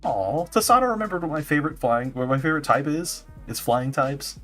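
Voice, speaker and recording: A man's voice: on the high side, lively intonation, fairly quick, pushed and bright, soft background music. A man streaming as a vtuber, chatting casually and playfully with his viewers and laughing often. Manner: giggly, playful, reacting to chat. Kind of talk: casual livestream chat.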